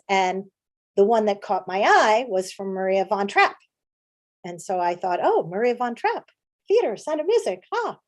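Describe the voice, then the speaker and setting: An American woman talks through a presentation about her theater work. She speaks in a relaxed, conversational way, full of ums, uhs and restarts. She sounds like she is on a video call. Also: medium pitch. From United States. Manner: chatty with frequent fillers and restarts. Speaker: playwright and director giving a talk.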